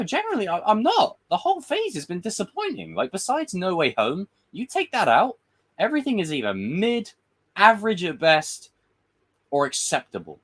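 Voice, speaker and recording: Guy ranting on a livestream, voice leaps up and down a lot, bit high. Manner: animated, frustrated, swears, acts out quotes. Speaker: film commentator. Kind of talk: casual livestream rant.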